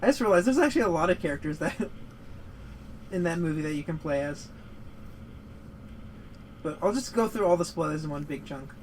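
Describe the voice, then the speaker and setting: A man's voice: fairly high pitch, expressive, moderate pace, pauses often, a little mellow, slight background noise, rough recording. A man giving casual gaming commentary, rambling and swearing as he rants about a movie. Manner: rambling, profane, prone to heated rants. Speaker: gaming show co-host.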